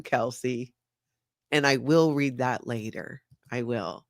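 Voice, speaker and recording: A woman's voice: rumbling low, takes it slowly, no room sound, clean studio sound. An older woman chatting casually on a livestream, laughing often and reading viewer comments aloud. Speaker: livestream host.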